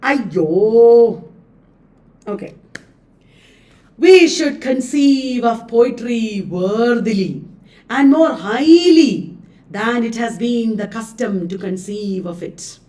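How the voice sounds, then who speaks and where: A woman's voice: fairly high pitch, lively intonation, slow, pauses often, dark tone, recorded from a distance. A woman with an Indian accent coaching students live on literature exam questions, chatty and laughing often, mixing in Hindi words. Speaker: literature teacher.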